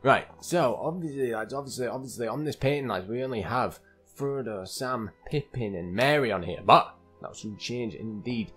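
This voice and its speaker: Excitable young man, gameplay commentary. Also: mid-range voice, moderate pace, husky, faint music behind. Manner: excitable, chatty, keeps calling the viewers "lads" and "mate". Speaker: gaming channel host. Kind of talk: let's play gameplay commentary.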